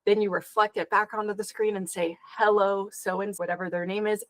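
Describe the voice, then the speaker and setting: Exasperated woman telling animated stories. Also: mid-range voice, fairly quick, no echo, poor audio. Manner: animated, exasperated storytelling with quoted dialogue. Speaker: podcast guest, security educator. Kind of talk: conversational interview.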